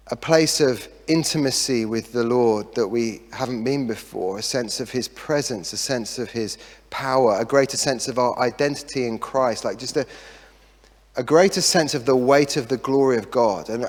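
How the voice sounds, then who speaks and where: A middle-aged man preaching a sermon as a pastor, telling a story in a chatty way with self-deprecating jokes and lively asides. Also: medium pitch, moderate pace. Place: church hall. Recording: long reverb of a church hall.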